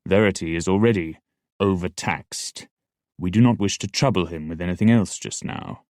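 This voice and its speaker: Man doing an aged court assassin mentor, very low and dry, quiet and unhurried; audiobook. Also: dry recording. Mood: grave. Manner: measured, quiet and slow. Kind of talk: audiobook dialogue.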